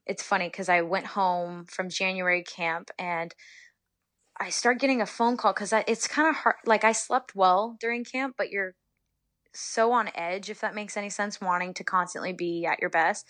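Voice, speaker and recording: A young woman from Northern California, a soccer player, chatting as a guest in an interview and retelling stories in a lively, giggly way. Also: mid-range voice, moderate pace, no echo. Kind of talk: casual interview storytelling.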